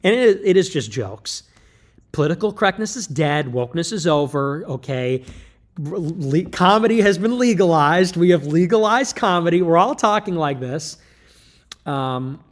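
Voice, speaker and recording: A man delivering an emphatic, lecturing livestream monologue, loose and joking in tone. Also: a little high. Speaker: livestream commentator.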